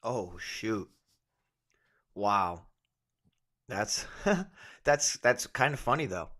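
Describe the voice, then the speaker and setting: A man, a fighter and co-host, chatting casually about fight betting in a relaxed way, thinking aloud with many asides. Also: on the low side, very slow. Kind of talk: casual sports betting chat.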